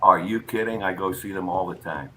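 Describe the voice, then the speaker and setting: An older man, a guest entertainer, telling lively stories in a casual interview chat. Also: low voice, brisk, poor audio. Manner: lively storyteller, acts out voices in anecdotes.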